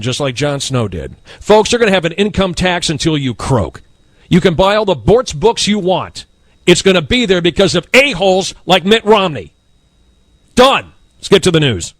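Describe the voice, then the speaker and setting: A man's voice: fairly high pitch, fairly bright tone, no echo. A man hosting a talk radio show, ranting in a blunt, emphatic and indignant way from a radio studio. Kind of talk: heated talk radio rant.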